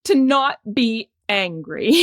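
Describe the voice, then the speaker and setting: Middle-aged woman doctor, relaxed podcast guest, thoughtful and lively when telling stories. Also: a little high, slow pace. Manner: reflective, animated storytelling with laughs. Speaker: podcast guest, sports medicine physician. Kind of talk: casual conversation.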